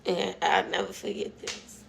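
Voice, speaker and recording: A young woman telling a personal story to her followers in a casual, emotional way, halting often and full of fillers and restarts. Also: on the low side, level tone, creaky, slight background noise. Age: young adult. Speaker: TikTok storyteller.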